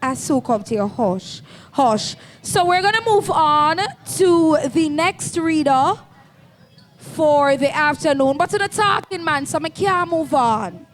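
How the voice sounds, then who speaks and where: High-pitched woman calling out to children. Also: expressive, slow, a little hiss or hum. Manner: firm, coaxing, call-and-response. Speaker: event host for schoolchildren. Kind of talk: call-and-response crowd management.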